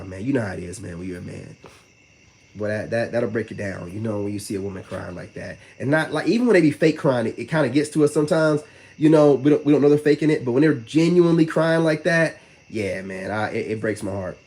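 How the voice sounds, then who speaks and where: In casual live-stream talk, a vlogger rambles to his chat at a fast clip, full of slang and frequent "you know what I'm saying." He has a mid-range voice with a darkish tone.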